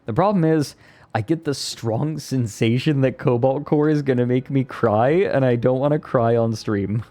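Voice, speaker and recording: A man streamer in casual live chat, excitable and prone to repeating words in quick bursts. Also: medium pitch.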